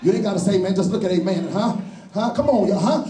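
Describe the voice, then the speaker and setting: A man preaching a sermon with call-and-response, shouting and then dropping low. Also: fast, a faint crowd. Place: church. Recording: echoey church from far off.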